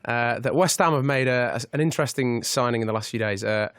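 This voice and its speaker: A man's voice: mid-range voice, fast, a bit bright, clean tone, dry recording, clean studio sound. A young man, a university student, calling in to a radio show, with a shy manner and many filler sounds. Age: young adult. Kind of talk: phone-in caller.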